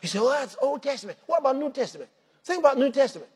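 A man preaching a sermon, animated, laughing between points and rising to shouts at the peaks. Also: very high voice, rapid-fire. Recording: long hall reverb.

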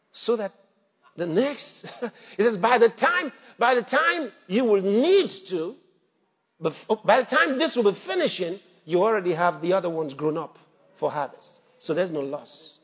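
Husky high-pitched guy preaching, animated, shouts at the big points, echoey church hall. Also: measured pace. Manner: animated, shouting at peaks, laughing between points. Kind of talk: sermon. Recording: long hall reverb.

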